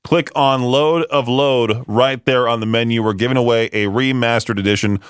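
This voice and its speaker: A young man talks as a radio host, wandering from story to story and laughing at himself. His voice is smooth and clear and sits at a middle pitch. The studio sound is close and dry. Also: fairly even intonation, normal speed, no echo. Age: late 20s. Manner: chatty, rambling, self-amused. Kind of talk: casual radio talk. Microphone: studio microphone.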